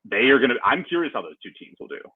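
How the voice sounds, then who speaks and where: A man co-hosting a casual sports podcast, talking in an animated way, laughing easily and restarting his sentences. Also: mid-range voice, rapid-fire, breathy edge, no room sound. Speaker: podcast co-host. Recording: tinny phone-like line.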